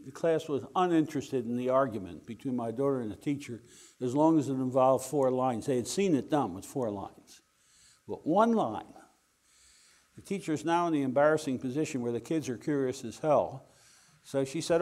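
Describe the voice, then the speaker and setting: An older man tells a story to an audience in a wry, animated way, slipping into the back-and-forth of the dialogue. His pitch sits in an ordinary middle range for a man. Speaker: speaker telling a story to an audience. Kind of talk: anecdotal storytelling talk.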